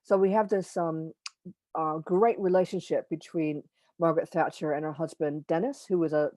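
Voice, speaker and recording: A woman giving an informal astrology lecture over a video call. She speaks in a halting way, with frequent pauses, restarts and self-corrections, and adds opinionated asides. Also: lowish voice, a little mellow, no echo. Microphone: computer mic on a video call.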